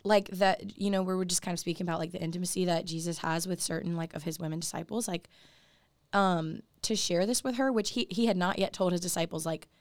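A woman's voice: on the low side, steady tone, quick pace, dry recording. A young woman co-hosting a casual podcast, talking earnestly with lots of "like" fillers. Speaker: podcast co-host. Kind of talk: casual faith podcast chat.

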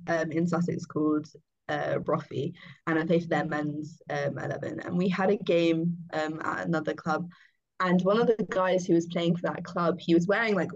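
A young woman from England, a guest cricketer, telling a long story in a chatty, casual way with lots of ums and small laughs. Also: lowish voice. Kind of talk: casual interview chat. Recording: dull lo-fi sound.

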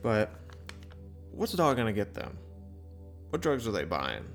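A man's voice: fairly low pitch, wildly swooping pitch, normal speed, creaky, echoey room, faint music behind. A man doing stand-up comedy and recapping his set, profane, rambling and self-deprecating. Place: comedy club stage.

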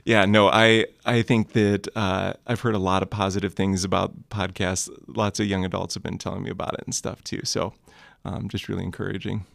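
Low gravelly-voiced man pastor. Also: little pitch movement, brisk, hardly any pauses, dry recording. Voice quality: velvety voice. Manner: soft-spoken, many ums, laughs easily. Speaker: young adults pastor. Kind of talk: relaxed podcast conversation and spoken prayer.

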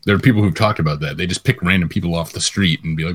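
Deep-voiced man in teasing podcast banter. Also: racing, breathy edge, dry recording. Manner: teasing, mock-announcer quips. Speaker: podcast co-host.

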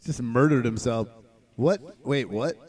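A man's voice: medium pitch, unhurried, a little mellow. A man co-hosting a casual movie commentary podcast, joking, swearing and laughing often. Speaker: podcast co-host.

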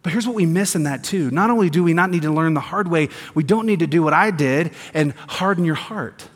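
A man from the American South, preaching a sermon that swings between quiet emphasis and rising intensity, with sarcastic asides. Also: fairly high pitch, a little fast. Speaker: pastor. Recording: long hall reverb.

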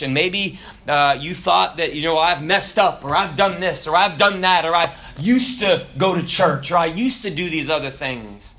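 A male pastor preaching an animated sermon, acting out voices and breaking into shouts. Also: high voice, moderate pace, few pauses.

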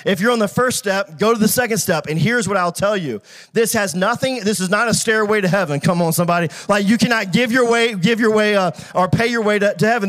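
A man, a pastor, preaching a sermon and telling humorous stories, calling out to his audience and talking fast with many restarts. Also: sits high, fairly bright tone. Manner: humorous storytelling with audience call-outs; fast, filler-heavy delivery with frequent restarts.

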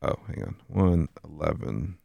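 A man's voice: a bass voice, expressive, a little slow, vocal fry, dark tone, slightly rough, no echo. A man co-hosting a casual podcast, bantering and cracking jokes with goofy noises. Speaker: podcast co-host. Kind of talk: casual chat.

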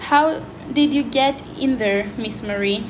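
A woman reading as a gruff old gardener. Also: on the high side, unhurried, natural voice. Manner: read-aloud dialogue. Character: cross old male gardener. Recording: clear background noise.

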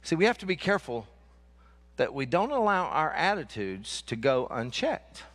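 A male pastor preaching a sermon, animated and joking, repeating lines for emphasis. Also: a little high, moderate pace.

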